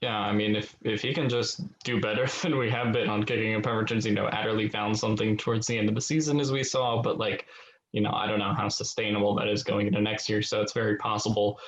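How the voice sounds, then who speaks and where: A man's voice: on the low side, little pitch movement, quick pace, slight background noise. A man co-hosting a sports podcast, talking in an easygoing way with frequent fillers. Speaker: podcast co-host. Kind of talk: casual sports podcast chat.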